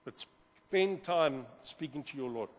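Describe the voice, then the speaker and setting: A man preaching a sermon as pastor, animated, repeating words and swinging from loud to quiet. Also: on the high side, unhurried, husky. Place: church hall. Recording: long hall reverb.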